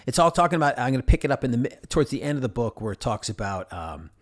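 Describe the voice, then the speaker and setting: A man's voice: mid-range voice, big pitch swings, rapid-fire. A middle-aged man from New England hosting a casual solo podcast, rambling and joking as he talks. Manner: rambling, jokey, talks to his stuffed animals. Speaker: podcast host.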